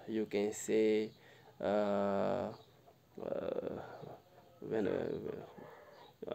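A man with a Kashmiri English accent explaining a poem line by line to students, halting often and repeating himself. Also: fairly low pitch, vocal fry, warm tone. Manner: halting, many fillers and restarts, addresses the listener directly. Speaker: literature teacher.

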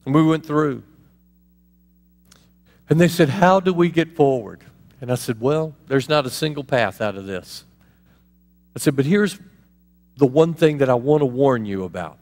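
Animated preaching man, hall reverb. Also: medium pitch, moderate pace, pauses often. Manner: animated, conversational preaching with laughs and asides. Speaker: pastor. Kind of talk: sermon.

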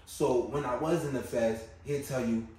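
A man from Brownsville, a podcast guest telling prison stories in a casual, animated way and acting out the voices. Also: mid-range voice, normal speed. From Brownsville, New York. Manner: animated, acts out voices in his stories, keeps checking in with the listener. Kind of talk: casual storytelling. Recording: echoey room, distant mic, faint noise.

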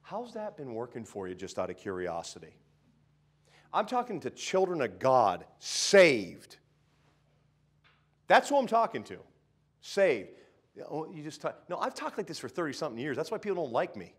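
Man, middle-aged, pastor, church sermon, loud-soft swings, mocking quoted voices. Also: medium pitch, huge pitch swings, moderate pace, long pauses, slightly rough. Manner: conversational preaching that swings from loud to muttered asides. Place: church sanctuary.

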